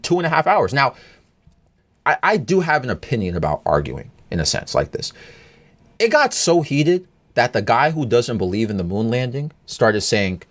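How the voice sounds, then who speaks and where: A man tells a story in a loose, rambling monologue. His pitch swings widely, jumping high when he gets exasperated. He talks at a middle pitch and sounds casual and opinionated.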